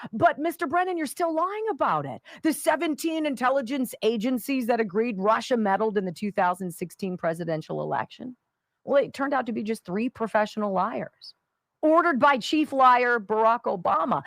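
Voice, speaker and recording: A woman's voice: high voice, a bit bright, no echo. A woman hosting a talk radio show, delivering a sarcastic, combative monologue.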